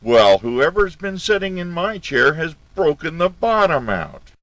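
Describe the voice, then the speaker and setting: A man voicing a small, weepy and angry baby boy bear in a storybook reading, pitched high and squeaky with a wailing complaint. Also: sing-song, a little slow, a bit bright, dry recording, poor audio. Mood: upset whining.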